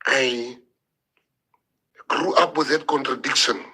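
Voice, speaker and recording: Husky, emotional man. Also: mid-range voice, sharp tone, low-quality recording. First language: Afrikaans. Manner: emotional, halting, repeats words. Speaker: politician. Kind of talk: impassioned public address.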